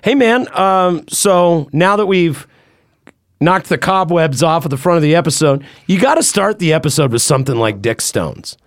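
A man's voice: a little high, animated, normal speed, no room sound, studio quality. A man in a casual podcast chat, telling loose, profane stories that lean on filler words. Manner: rambling storyteller, loose and profane, acts out voices in quotes.

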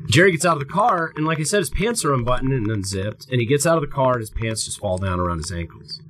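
A man's voice: mid-range voice, animated, fast, fairly bright tone, slight background noise, low-quality recording. Rambling, profane male podcast storyteller. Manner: rambling, profane, acts out quotes. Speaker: podcast co-host. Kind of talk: casual storytelling chat.

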